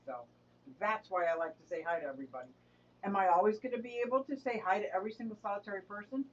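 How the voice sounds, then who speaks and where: A woman's voice: mid-range voice, fast. Woman streamer chatting w her viewers, sounds a bit far off, muffled mic. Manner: chatty, greets viewers by name, laughs often. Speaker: live-stream host of an aquarium channel. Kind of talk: casual live-stream chat. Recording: dull, distant mic.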